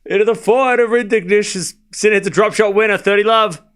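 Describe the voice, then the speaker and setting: A man's voice: high voice, fairly even intonation, quick pace, a bit bright, clean tone. An Australian man hosting a live tennis watchalong stream, calling the score in a casual, chatty way and often laughing at himself.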